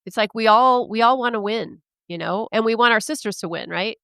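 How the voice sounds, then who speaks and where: A woman's voice: fairly high pitch, a little fast, vocal fry, fairly bright tone, clear, resonant tone, no echo, clean studio sound. A middle-aged woman co-hosting a podcast, affirming her partner with frequent "yeah"s and speaking about friendship in a heartfelt way. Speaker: podcast co-host. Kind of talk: casual chat.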